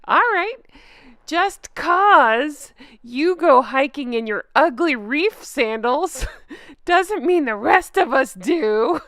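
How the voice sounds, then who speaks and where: A woman hosts her own commentary channel in a casual, mocking tone, laughing often as she goes. Her voice sits high and swings widely. She takes her time, and the recording is close and dry. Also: animated, takes it slowly, fairly bright tone, no room sound. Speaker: YouTube commentary host.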